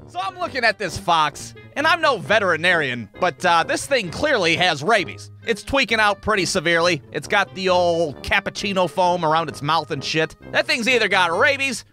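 A man tells a comedic animated story with profane, sarcastic asides. His voice sits high and swings widely in pitch, with a bright, sharp tone, and faint music plays underneath. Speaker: cartoon storyteller.

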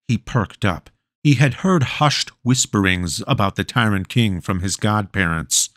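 A man's voice: fairly low pitch, expressive, a little slow, no echo. A man narrating an audiobook in a wry storytelling manner on a close studio mic. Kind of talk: scripted narration.

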